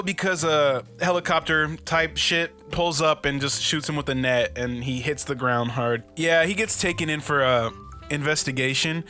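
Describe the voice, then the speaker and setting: Bright-voiced young guy recapping a movie. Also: a little high. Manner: loose and profane, with lots of fillers and chuckles. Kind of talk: casual movie recap commentary.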